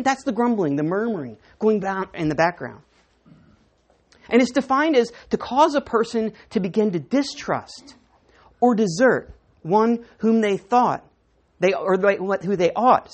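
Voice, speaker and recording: A woman's voice: on the high side, darkish tone. A woman preaching a sermon in church, teaching in a conversational way and putting questions to the congregation.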